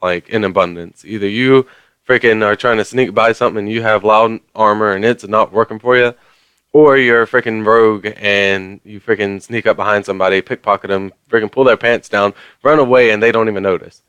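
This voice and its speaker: A man's voice: on the low side, fairly even intonation, a little fast, fairly bright tone, smooth, no echo, highs cut off. A man ranting casually to his viewers, rambling along with lots of fillers and mild swearing. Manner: conversational, many fillers. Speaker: vlogger. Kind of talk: casual rant to camera.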